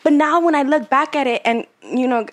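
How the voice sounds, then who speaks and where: A woman telling a personal story in a casual chat, animated and swearing a lot as she gets heated. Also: sits high, fairly quick. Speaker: podcast guest telling her story.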